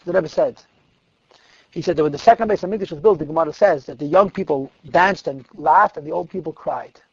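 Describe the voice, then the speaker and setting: A man, a rabbi, telling stories in a lecture, lively in the telling and dropping to quiet asides. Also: fairly high pitch, fairly quick, vocal fry, husky, no echo, muffled recording. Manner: animated retelling that drops to quiet asides. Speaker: rabbi teaching a class. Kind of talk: storytelling lecture.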